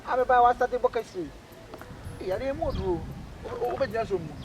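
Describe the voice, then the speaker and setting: A man with a Ghanaian accent playing a lovesick young man pleading with his girlfriend, stammering out excited exclamations. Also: extremely high pitch, fairly quick. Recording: distant mic, loud street noise.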